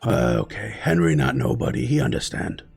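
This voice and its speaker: A man voicing a huge, simple-minded, gentle male giant who talks in halting, childlike broken speech. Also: rumbling low, huge pitch swings, creaky, faint music behind, pitched below the performer's own voice, heavily acted.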